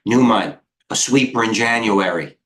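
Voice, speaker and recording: A middle-aged American man hosting a live trading stream, excitable and rambling, jumping between stocks with quick quips. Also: on the low side. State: out of breath. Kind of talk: live market commentary.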